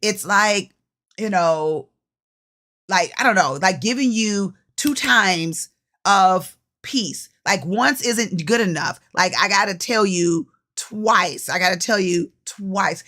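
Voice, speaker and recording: A woman coach giving a casual devotional teaching, chatty and lively, often repeating phrases for emphasis and speaking straight to her listeners. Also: medium pitch. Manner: chatty, addresses listeners directly. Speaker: women's ministry coach.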